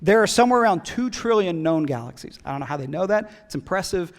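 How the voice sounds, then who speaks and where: A man's voice: sits high, sing-song, fast, hardly any pauses, big-room sound. A man preaching a sermon as pastor, conversational and emphatic, with casual asides. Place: church hall.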